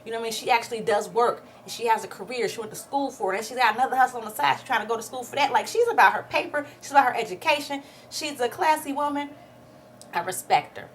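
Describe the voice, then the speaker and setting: A woman's voice: a little high, fast, a little hiss or hum. A young woman doing a fired-up, sassy recap of a reality show, swearing freely. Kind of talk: casual ranting recap.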